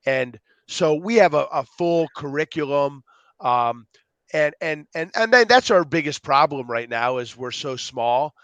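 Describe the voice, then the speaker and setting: An animated man guesting on a podcast, sliding into playful voices as he acts out what people say. His voice sits a little high for a man, and the sound is close and dry, with no room around it. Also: measured pace, no room sound. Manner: animated storyteller, acts out quotes. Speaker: guest, youth program co-founder. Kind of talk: podcast interview.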